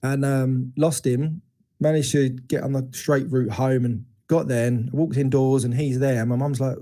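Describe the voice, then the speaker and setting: A man in his forties, an interview guest, telling painful childhood memories openly and haltingly. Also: medium pitch, steady tone, dark tone. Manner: open, searching, halting retelling of painful memories. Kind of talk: candid personal storytelling.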